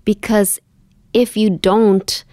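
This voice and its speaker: A woman teaching a calm, gentle lesson, often dropping to a soft whisper as she explains. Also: mid-range voice, slow pace, no room sound, studio quality. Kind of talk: instructional talk on inner parts work.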